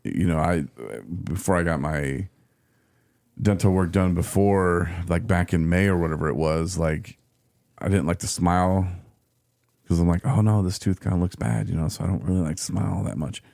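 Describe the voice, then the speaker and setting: A man's voice: low-pitched, steady tone, moderate pace, gravelly, darkish tone, no room sound, studio quality. A man co-hosting a podcast, chatting candidly with a laugh and a slight trouble with his S sounds. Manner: candid, laughs while telling stories. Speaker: podcast co-host. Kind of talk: casual chat.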